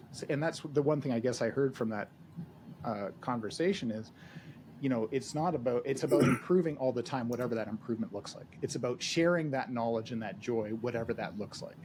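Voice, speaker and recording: A male podcast host speaks at a middling pitch, in a reflective and halting way. He restarts often and leans on fillers as he works through a thought. A clear layer of background noise runs under his voice. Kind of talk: casual interview chat.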